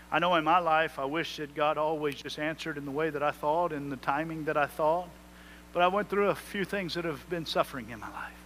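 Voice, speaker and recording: A man's voice: high voice, pushed and bright, slight background noise. A man preaching a sermon, rising into emphatic swells and acting out prayers in quotes. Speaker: pastor.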